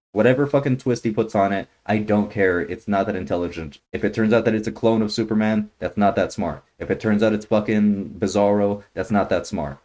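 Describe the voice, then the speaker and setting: Profane, ranting man with a lowish voice. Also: a little mellow. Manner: profane, heated, blunt. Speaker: YouTuber reacting to a movie trailer. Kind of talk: ranting trailer reaction.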